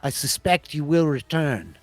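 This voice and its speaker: A man voicing a mysterious disembodied voice that makes calm, measured prophetic pronouncements. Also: a little high, dry recording, faint music behind, voice pushed up.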